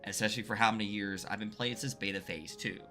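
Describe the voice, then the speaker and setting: A man's voice: on the low side, steady tone, fast, pushed and bright, soft background music. A man hosting a casual streamed interview about a game, upbeat and rambling, with many fillers. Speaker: host.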